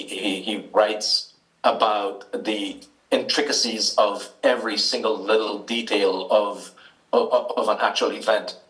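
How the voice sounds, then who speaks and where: A man's voice: on the low side, a bit bright. Trinidadian man, roomy and distant. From Trinidad and Tobago. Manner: hesitant, many ums and restarts. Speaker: author, guest. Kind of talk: interview answers.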